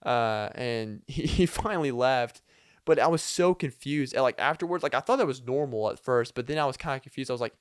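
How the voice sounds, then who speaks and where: A young male podcast host with a smooth, clear voice at a middle pitch, wandering through a comic story with lots of fillers and little laughs. He is close on the mic, and the sound is dry with no room around him. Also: a little fast, no echo. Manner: loose, filler-heavy, chuckling asides. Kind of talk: rambling comedic storytelling.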